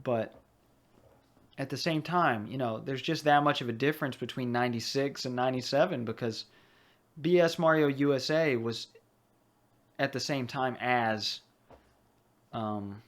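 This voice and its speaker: A man's voice: medium pitch, unhurried, pauses often. A young man giving casual, rambling commentary over a video game he is playing, drifting into chatty asides. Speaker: let's play commentator.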